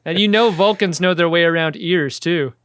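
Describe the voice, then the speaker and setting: Male podcast co-host, slightly high and clear, dry close mic, crude jokey banter. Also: normal speed, a bit bright, no room sound. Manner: crude, joking, acts out quotes. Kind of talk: casual comedic chat.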